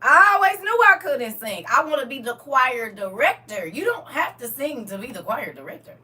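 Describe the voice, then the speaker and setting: High, bright-voiced teasing woman streamer. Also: very animated, normal speed, far from the mic. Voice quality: self-described croaky frog voice. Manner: teasing, laughing, talks to viewers as y'all. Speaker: livestream host. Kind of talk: casual livestream chat.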